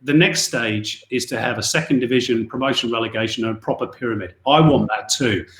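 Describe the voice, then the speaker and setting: A man's voice: medium pitch, brisk, fairly bright tone. Middle-aged male football commentator from Northwest England, anecdotal and chatty, roomy echo. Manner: chatty, anecdotal, with many restarts. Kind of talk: podcast interview, storytelling.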